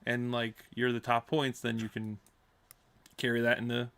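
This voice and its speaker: Gravelly young guy on a podcast mic, kinda rambly, explains stuff in fits and starts. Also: mid-range voice, completely flat delivery, fairly bright tone. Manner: rambling, halting explanations with fillers. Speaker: racing podcast participant. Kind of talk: casual chat.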